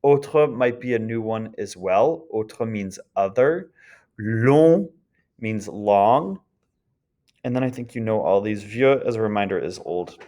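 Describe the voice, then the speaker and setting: A man talks his students through a grammar topic in a recorded lesson, at an easy, unhurried pace. His delivery is relaxed and casual, dotted with ums, and he pauses now and then to check that they follow. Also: fairly low pitch. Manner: relaxed, frequent ums, chants the word list rhythmically. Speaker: French teacher.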